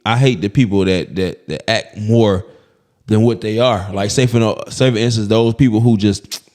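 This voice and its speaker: A man's voice: fairly low pitch, normal speed. A man from Alabama with an Alabama accent, a comedian guest chatting casually in an interview and acting out other people's voices as he tells stories. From Birmingham, Alabama. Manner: animated storyteller who acts out other people's voices.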